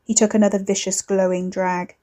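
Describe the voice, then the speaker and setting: Woman reading her story, mellow voice, wry and measured. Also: mid-range voice, little pitch movement. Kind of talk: scripted narration.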